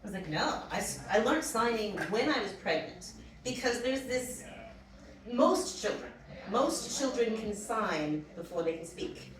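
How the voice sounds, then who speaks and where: A young woman telling a funny personal story on a comedy stage. She talks in an animated way, laughs often and acts out the voices in her story. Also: on the high side, a little slow, crowd noise. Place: small comedy venue. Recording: roomy distant mic with audience. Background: audience laughing.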